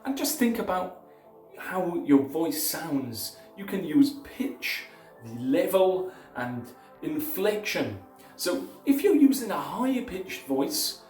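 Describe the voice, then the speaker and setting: A man presenting a casual advice video, explaining points in a measured way with occasional restarts. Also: fairly high pitch, darkish tone, echoey room, poor audio. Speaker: YouTube presenter. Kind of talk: casual advice talk to camera.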